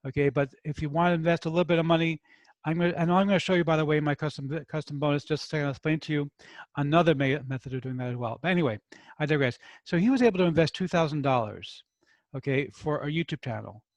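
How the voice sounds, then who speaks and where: A man's voice: a little high, fast talker, no echo. A man from New York hosting a review channel in casual, joking chat with his viewers, with no regional accent. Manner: jokey, chatty, talks to viewers. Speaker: product review host.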